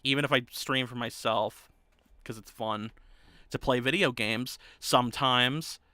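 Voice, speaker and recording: Man, streamer, casual rambling chat, bright crisp voice, dry close sound. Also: medium pitch, fairly even intonation, unhurried, no echo. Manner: rambling, loose, easygoing.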